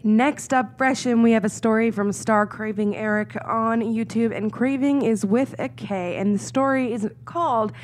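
A woman's voice: fairly high pitch, moderate pace, hardly any pauses. A woman hosting a podcast, chatty as she thanks listeners and introduces their stories. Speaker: podcast host.

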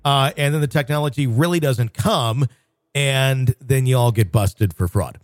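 A man's voice: mid-range voice, moderate pace, dry recording, clean studio sound. A man co-hosting a podcast in casual conversation, rambling with frequent restarts and fillers. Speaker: podcast co-host.

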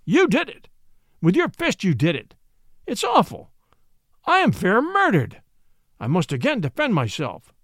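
A man voicing a gleeful, scheming middle-aged gentleman who protests with theatrical mock indignation. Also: high-pitched, big pitch swings, moderate pace, no room sound, clean studio sound. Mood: mock outrage.

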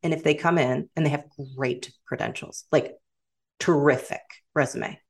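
American woman, pretty low voice, chatty guest, laughs a lot, restarts lines. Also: gravelly. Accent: General American. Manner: animated, laughs often, talks in quick restarts. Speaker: guest author. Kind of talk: casual interview chat.

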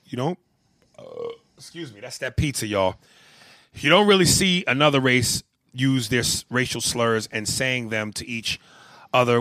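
A man's voice: medium pitch, no echo, clean studio sound. A man hosting a comedy podcast, talking casually with profane jokes. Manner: profane, animated, joking. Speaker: podcast host.

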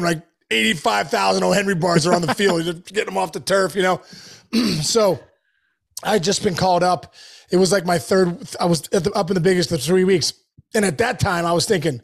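Gravelly, high-pitched man telling stories. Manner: animated, laughs often, says "dude" a lot. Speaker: guest, former baseball player. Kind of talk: casual storytelling.

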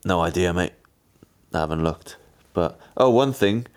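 A man's voice: sits low, lively intonation, measured pace, clean tone. A man, a cyclist, chatting casually and telling rambling stories with lots of fillers. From Wales. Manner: chatty storytelling, lots of fillers and mimicked voices. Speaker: pro cyclist, podcast co-host. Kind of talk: casual chat.

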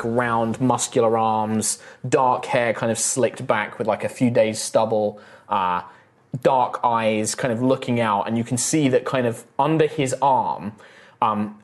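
A man narrating a tabletop game as game master, casual and rambling, with lots of fillers. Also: medium pitch.

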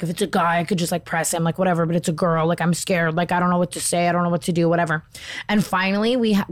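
A woman co-hosting a podcast, telling a story in casual chat with lots of fillers and acted-out quotes. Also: on the low side. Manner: animated retelling, acts out quoted voices, many "like" fillers. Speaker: podcast co-host.

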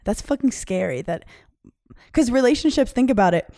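A woman's voice: on the high side, lively intonation, moderate pace, mellow, no room sound, studio quality. A woman in her thirties, a podcast guest talking candidly in casual chat, swearing often and full of "like" fillers.

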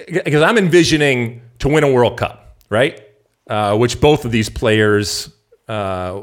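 A middle-aged man from the United States hosting a soccer podcast, with an emphatic, playful showman delivery. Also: fairly low pitch. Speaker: podcast host. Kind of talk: casual soccer podcast chat.

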